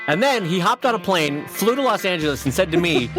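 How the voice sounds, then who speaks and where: High, animated bantering male co-host. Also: music in the background. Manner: quick banter, laughing, teasing. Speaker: podcast co-host. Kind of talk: casual chat.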